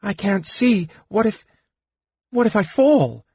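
A man's voice: sing-song, fast talker, warm tone, husky, no room sound. A man doing a frightened young woman. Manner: high, trembling, pleading. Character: frightened young woman trapped in a dark tower. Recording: dull lo-fi recording.

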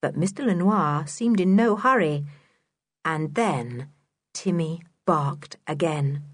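A woman narrating a children's storybook in an expressive, clear reading voice. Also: low voice, slow pace, no echo. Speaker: audiobook narrator.

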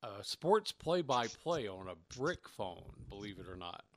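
A man's voice: lowish voice, very animated, unhurried, no room sound. Southern radio guy, dry and easygoing, voice rises and falls a lot, trails off at the ends. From Southern United States. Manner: dry, laid-back, trails off quietly. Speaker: radio host and sports play-by-play announcer. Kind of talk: casual chat.

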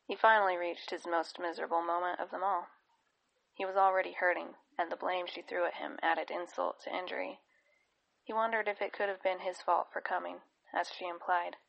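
A woman narrating a fantasy novel in a steady, even storytelling manner. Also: on the low side, vocal fry, poor audio. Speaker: audiobook narrator. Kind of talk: scripted narration.

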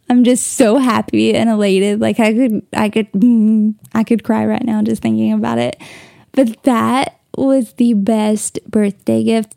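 A woman's voice: medium pitch, vocal fry, mellow, no echo, clean studio sound. A young woman hosting a casual solo podcast from home, gushing and emotional, tearing up at times. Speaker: podcast host. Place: bedroom at home, on the bed.

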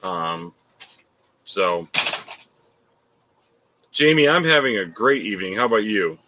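A man's voice: on the low side, very animated, takes it slowly, bright, forceful tone, dull audio. A man hosting a live podcast, chatting casually, reading viewer comments and laughing often.

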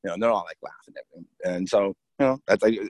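A man's voice: sits low, fast talker. A man, a teacher, telling blunt, profane, rambling stories in a casual interview.

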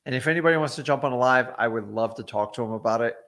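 A man's voice: mid-range voice, rapid-fire, a bit bright. A middle-aged man, a real estate investor, teaching wholesaling in a casual livestream, blunt and chatty with frequent ums and asides.

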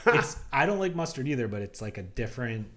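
A fast-talking man with a medium-pitched voice co-hosts a podcast and tells a story in easygoing chat. His telling is lively, with the quotes acted out.

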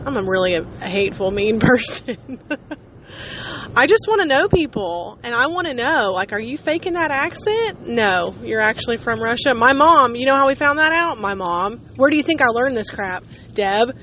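A woman's voice: on the high side, bright, forceful tone, slight background noise. Chatty self-mocking woman in her late thirties. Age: late 30s. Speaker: vlogger. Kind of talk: casual chat.

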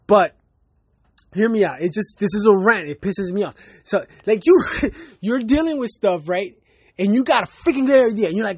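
Podcast host, male, high voice, dry close recording, casual cursing rant with self-mocking laughs. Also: no room sound. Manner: profane, heated, laughs at himself. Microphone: basic home setup, no fancy gear.

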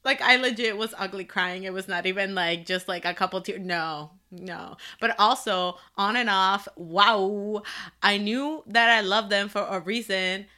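A woman's voice: mid-range voice, a little slow. A young woman co-hosting a casual chat podcast, gushing and emotional as she tells stories. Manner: gushing, emotional, animated storyteller. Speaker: podcast co-host.

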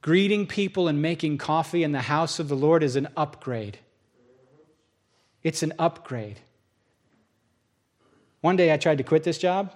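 This middle-aged man preaches as a pastor in a slightly high voice, moving a little slowly with long pauses. He narrates stories, voicing both parties in exchanges, then drops to a hushed tone for the solemn parts.

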